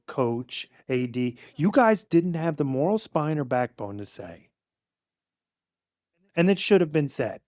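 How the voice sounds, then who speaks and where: Blunt ranting middle-aged man, higher voice. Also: darkish tone, no echo, clean studio sound. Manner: emphatic, blunt, ranting, some swearing. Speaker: podcast co-host, father. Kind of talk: opinionated sports podcast rant.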